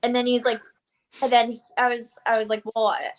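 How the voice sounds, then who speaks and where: A young adult woman chatting as a guest, telling an animated story full of "I was like" and laughs. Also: fairly high pitch, fairly quick. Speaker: guest wrestler. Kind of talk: casual chat, storytelling.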